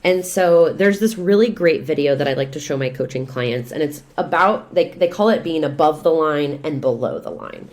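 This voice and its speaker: A woman, a real estate investor and coach, talking as a podcast guest in lively, expressive storytelling. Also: sits low, normal speed, few pauses. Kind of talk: casual podcast conversation.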